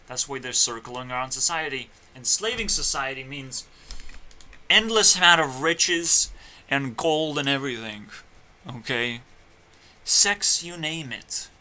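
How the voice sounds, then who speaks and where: A man talking as a YouTuber in a rambling solo rant, profane and meandering, swinging between loud outbursts and mutters. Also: medium pitch, expressive, a little slow. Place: home computer setup.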